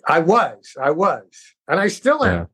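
In a casual interview, a middle-aged actor from New York animatedly recounts stories and acts out the voices of those he quotes. He speaks at a measured pace in a fairly high, husky voice.

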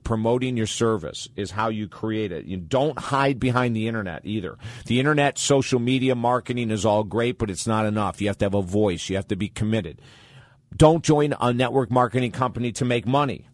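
A blunt male advice host, talking candidly with lively asides. His voice sits at a middle pitch. The sound is dry and close. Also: no room sound. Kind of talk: advice talk answering listener questions.

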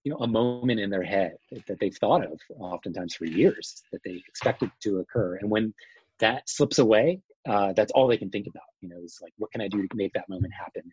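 A man with a husky, slightly breathy voice talks about his work as a wedding photographer in a loose, rambling way, full of "like" and "you know". The sound is dry and a little dull, as if from a modest mic. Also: lowish voice, animated, fairly quick, a little mellow, no room sound. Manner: rambling, lots of fillers, acts out quotes. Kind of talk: casual interview chat.

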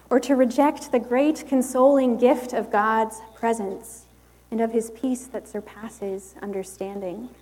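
A woman preaching a sermon in a slow, measured, reflective way. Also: fairly high pitch, a little mellow, big-room sound.

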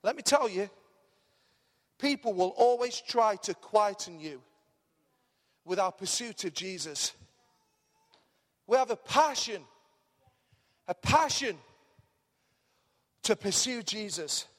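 A man preaching a lively sermon as pastor, his voice strained, calling the congregation to repeat words back. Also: high voice, slow pace, long pauses, big-room sound. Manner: energetic, animated preaching with call-and-response.

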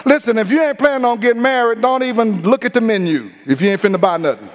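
A man preaching a sermon as pastor, animated and informal, acting out the people he talks about. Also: extremely high pitch, fast, long reverb tail. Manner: animated preaching with acted-out quotes.

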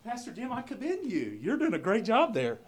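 A pastor preaching a sermon, asking the congregation questions, swinging from soft asides to loud, emphatic stretches with many fillers and repeats. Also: male voice, very high-pitched, a little fast, roomy sound, recorded from a distance. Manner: animated call-and-response preaching, asks the congregation questions; conversational with frequent fillers and repeated words.

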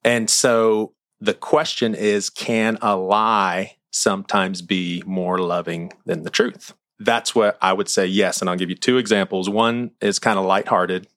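A man talks through his point in a relaxed podcast chat, his voice on the low side. He tells stories with a self-mocking edge, recorded close and dry in a studio with no room sound. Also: unhurried, few pauses, dry recording. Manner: storytelling, self-mocking, lively. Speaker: podcast host. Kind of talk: casual discussion, making an argument.

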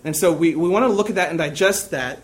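A man's voice: a little high, fast talker. A young man preaching a sermon, telling a personal story in a casual, self-deprecating way.

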